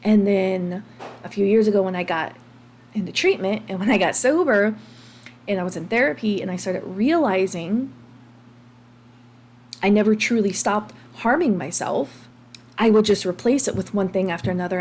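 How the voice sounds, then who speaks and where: An American woman in her thirties speaks frankly in a personal podcast monologue, her voice pitched in a middle register. She talks in an open, confessional way, stopping to restart phrases and filling gaps with ums. A faint hum sits under the recording. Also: moderate pace, darkish tone. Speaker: podcast host.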